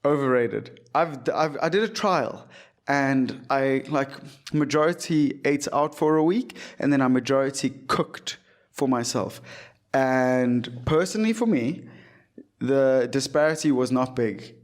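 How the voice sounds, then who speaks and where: A young man, co-hosting a casual podcast chat, joking and quick to burst out in loud disbelief. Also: mid-range voice. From South Africa. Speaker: podcast co-host.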